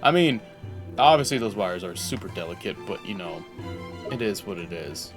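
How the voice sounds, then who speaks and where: A male streamer chatting casually while playing, rambling and laughing as he goes. His voice sits a bit low, and soft music runs quietly in the background. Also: animated, moderate pace. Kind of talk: casual chat while gaming.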